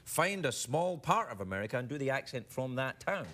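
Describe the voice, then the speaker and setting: A man's voice: medium pitch, very animated, brisk. A Scottish man hosting a late-night talk show, joking and teasing his guest and dropping into put-on accents. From Scotland. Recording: studio audience laughter behind. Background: loud studio audience.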